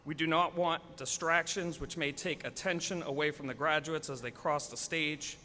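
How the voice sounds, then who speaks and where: A man's voice: on the high side, fairly even intonation, normal speed, sharp tone. A man making a polite, firm formal announcement from a podium at a graduation ceremony. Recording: reverberant hall with faint room noise.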